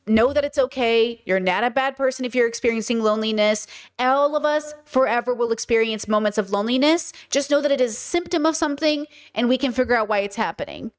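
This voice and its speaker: A young adult woman hosting a livestream, talking frankly to her chat and swearing freely for emphasis. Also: a little high. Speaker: podcast host.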